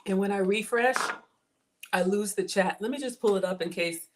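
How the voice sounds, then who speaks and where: A woman's voice: medium pitch, moderate pace, a little hiss or hum. A woman with a Southern US accent, chatting casually with her viewers as a home cook livestreamer. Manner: chatty, addresses viewers as y'all.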